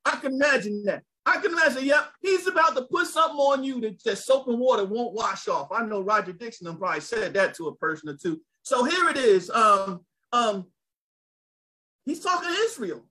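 A man preaching a sermon, lively and conversational, calling out to his listeners. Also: very high voice, a little fast, poor audio. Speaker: pastor.

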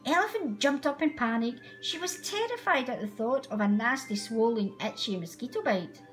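A woman reading a children's picture book aloud with an expressive, animated delivery. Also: on the high side, moderate pace, faint music behind. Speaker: storyteller. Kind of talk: children's story read aloud.

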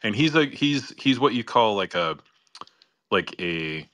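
A man's voice: on the low side, expressive, measured pace, sharp tone, no echo. A man on a casual call-in discussion, rambling with many fillers and giving earnest advice.

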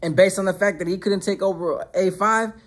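A husky man with a slightly raised voice tells a gritty story in a casual, streetwise way. His talk is loose and full of slang, and he drops into quoted voices as he goes. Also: high-pitched, fairly even intonation, fairly quick. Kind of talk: casual prison story narration.

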